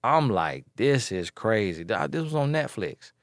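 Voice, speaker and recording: A man giving blunt relationship advice in a casual talk, telling animated stories with playful voice imitations and repeating phrases for emphasis. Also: fairly low pitch, a little slow, no room sound, clean studio sound.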